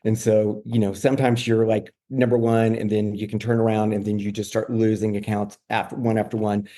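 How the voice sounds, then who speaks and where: A man's voice: lowish voice, flat delivery, a little fast, mellow. A middle-aged man telling a candid story as a podcast guest, with many "like" and "you know" fillers.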